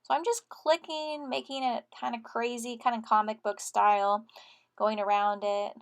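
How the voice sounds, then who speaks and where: A woman's voice: a little high, steady tone, normal speed, creaky. Upbeat woman teacher walking students through steps. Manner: friendly step-by-step instructions to students. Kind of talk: screen-recorded software tutorial.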